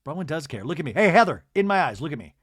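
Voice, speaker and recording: Man putting on a calm earnest reality-show woman, low, soothing, insistent. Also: rapid-fire, husky, dry recording, clean studio sound.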